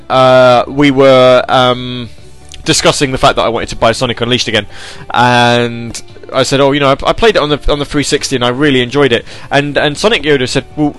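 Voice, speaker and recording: A young British man with a medium-pitched, somewhat bright voice presents an internet radio show, chatting casually in a rambling, self-deprecating way. He sometimes slips into an announcer voice, which has left his throat sore.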